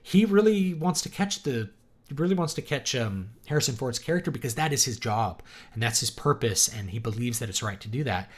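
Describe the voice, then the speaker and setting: A man's voice: medium pitch, expressive, brisk, breathy edge. A man from East Texas, an author hosting a casual livestream, chatting enthusiastically and answering viewer questions in loose rambling asides. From East Texas, USA.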